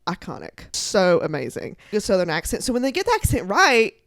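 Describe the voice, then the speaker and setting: A young woman chatting casually about books to her followers, animated and full of filler words and laughter. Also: medium pitch, fairly quick, no room sound, clean studio sound. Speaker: book content creator. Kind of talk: casual chat to camera.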